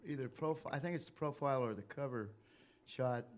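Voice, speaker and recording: A man from the band chats between songs, relaxed and a little halting. His voice sits at an ordinary middle pitch. He speaks plainly, with no show to it. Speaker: bandmate. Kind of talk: casual chat. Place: basement studio.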